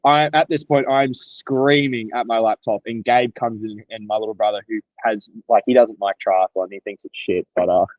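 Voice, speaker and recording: A young Australian man co-hosting a podcast, chatting casually and excitably, with plenty of swearing. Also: lowish voice, moderate pace, few pauses, no room sound, dull audio. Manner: excitable, sweary, loose storytelling. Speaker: podcast co-host. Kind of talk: casual chat.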